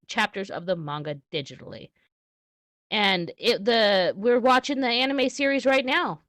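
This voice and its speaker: A woman's voice: medium pitch, no room sound. Chatty woman podcast co-host. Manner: chatty, reads news aloud with restarts. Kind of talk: casual podcast chat.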